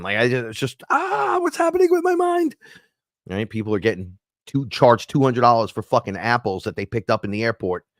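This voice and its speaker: A man's voice: lowish voice, dry recording, studio quality. A man hosting a live stream, rambling and swearing casually, often laughing. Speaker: podcast host.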